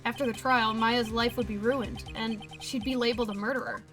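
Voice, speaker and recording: A woman's voice: a little high, fairly even intonation, brisk, fairly bright tone, soft background music, natural voice. A woman reading a determined young male defense lawyer aloud from a video game, in an earnest, resolute manner.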